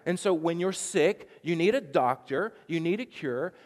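A man's voice: on the high side, expressive, moderate pace, in a large hall. A man preaching a sermon as pastor, telling a chatty story with frequent stammered restarts.

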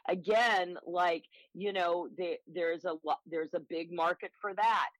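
A woman guest, an acting coach, talking enthusiastically and telling quick anecdotes in an interview. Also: fairly low pitch, fairly even intonation, no room sound, rough recording. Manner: enthusiastic, upbeat, rapid anecdotes. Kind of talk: interview conversation.

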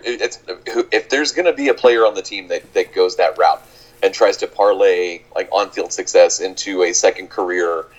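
A man's voice: lowish voice, highs cut off. A man co-hosting a podcast, talking in a thoughtful, hedging, analytical way. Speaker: podcast co-host. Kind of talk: casual chat.

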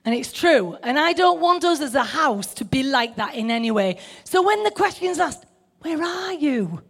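A woman's voice: sits high, big pitch swings, moderate pace, gravelly. Chatty older woman preaching. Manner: chatty, laughs often, asks the listeners questions. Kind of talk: informal sermon.

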